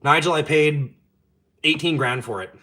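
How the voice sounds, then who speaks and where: A young man, hosting a live stream and telling a story in casual, animated chat, swearing freely and acting out the dialogue. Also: a little high, moderate pace. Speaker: channel host.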